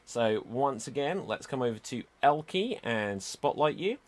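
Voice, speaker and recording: A man hosting an online improv show, announcing rounds and votes in a brisk, upbeat way over a video call. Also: mid-range voice, sing-song.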